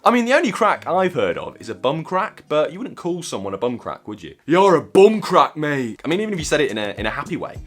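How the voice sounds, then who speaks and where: A man's voice: on the high side, very animated, fast, few pauses, a bit bright. A young Englishman hosting a language video, chatty and jokey with playful asides. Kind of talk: casual explainer vlog.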